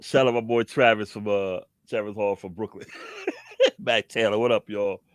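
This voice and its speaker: A man's voice: on the low side, steady tone, moderate pace, dry recording, clean studio sound. A man from the Bronx, co-hosting a podcast with a New York accent, playful, laughing often and acting out bits of dialogue. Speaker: podcast co-host. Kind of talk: casual chat.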